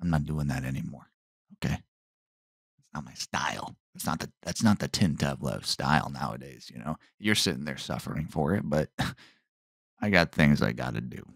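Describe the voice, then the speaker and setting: A man's voice: a bass voice, moderate pace, gravelly, a bit bright, slightly rough, no echo. A man hosting a solo podcast, rambling and stopping himself mid-thought, in a dry tone that sounds sarcastic. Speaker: podcast host.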